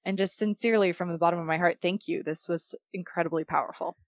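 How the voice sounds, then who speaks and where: A woman hosts a podcast, asking her questions and giving enthusiastic thanks. Her voice sits fairly low and sounds close and dry. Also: fairly even intonation, quick pace, no echo. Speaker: podcast host. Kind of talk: casual interview chat.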